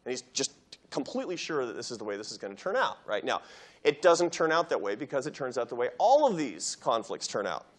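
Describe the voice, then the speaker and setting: A man giving a public university lecture, telling a story with lively animation and acting out quoted voices. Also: medium pitch, a little fast. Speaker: guest lecturer.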